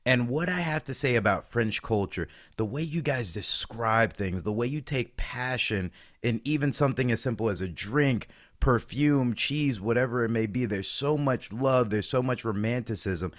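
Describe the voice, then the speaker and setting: A man's voice: medium pitch, moderate pace, dry recording, clean studio sound. A man hosting a podcast, talking in a hyped, playful way. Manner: hype and animated, playful. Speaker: podcast host. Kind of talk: casual podcast chat.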